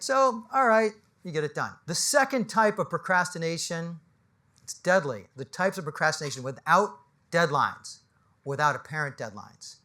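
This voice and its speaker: An animated male business coach holds forth at a live panel event, his voice bright and sitting a touch high. He speaks in short, punchy bursts full of rhetorical questions. He keeps checking in with the room with a quick "right?". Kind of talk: motivational talk to a live audience. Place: indoor event space with an audience.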